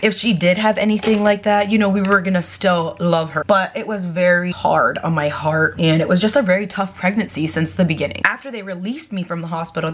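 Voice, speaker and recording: A young woman in casual chat as a vlogger, candid and swearing freely while hyping her viewers up. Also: fairly low pitch.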